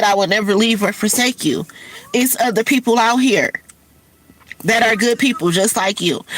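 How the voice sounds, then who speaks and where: Sniffly and tearful, a woman hosting a livestream talks candidly and emotionally, calling her viewers y'all. Her voice is a little high, and the audio is poor.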